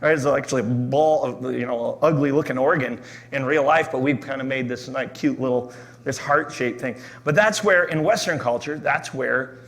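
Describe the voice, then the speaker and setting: Here the same kind of preaching comes from a middle-aged man with a medium-pitched, creaky, slightly bright voice. Speaking as a pastor, he keeps it casual, stumbling into restarts and fillers and checking in with "right?" again and again.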